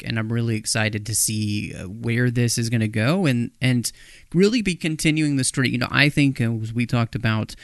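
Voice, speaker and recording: A man co-hosts a podcast in easygoing chat, his voice bright and smooth. He talks on eagerly, cracks jokes and slips into goofy voices. The sound is dry and close. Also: medium pitch, no room sound. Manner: jokey, chatty, tries silly impressions. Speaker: podcast co-host. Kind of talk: casual podcast discussion.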